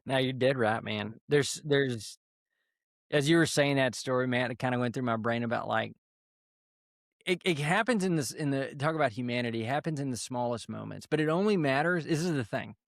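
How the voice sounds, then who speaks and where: A man with a gravelly, fry-edged voice recounts his story as a podcast guest, steady and calm, with plenty of "um"s and "like"s. The sound is close and dry, with no room behind him. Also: mid-range voice, dry recording. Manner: calm, unhurried storyteller with fillers. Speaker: podcast guest, army veteran. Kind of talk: casual storytelling interview.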